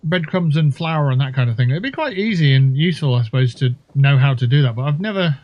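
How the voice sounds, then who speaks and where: A man's voice: medium pitch, expressive, quick pace, muffled recording. A man hosting a livestream, talking in a rambling, crude, jokey way while he plays a game. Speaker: livestream host. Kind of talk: casual gaming livestream chat.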